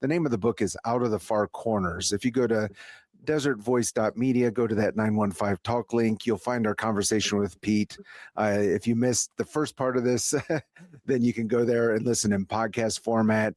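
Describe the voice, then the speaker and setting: A talk-show host with a lowish male voice, recorded dry and close. He recaps the story with frequent uhs and small laughs, speaking at an unhurried pace. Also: fairly even intonation, no room sound. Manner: warm, hesitant delivery with many uhs and light laughs. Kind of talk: radio interview hosting.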